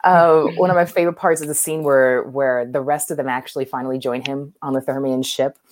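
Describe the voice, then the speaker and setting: In casual movie chat on her podcast, a woman co-host rambles, laughs a lot and keeps restarting her sentences amid many fillers. Her rumbling low voice moves fairly quickly with a steady tone, and there's no room sound.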